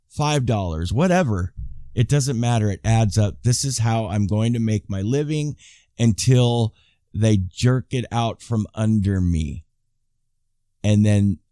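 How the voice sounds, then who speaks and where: Man, 50s, YouTube commentator; rambling, self-correcting delivery, mid pitch, dry room. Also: warm tone, no room sound. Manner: rambling, with frequent restarts and asides to viewers. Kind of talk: casual commentary reading viewer emails.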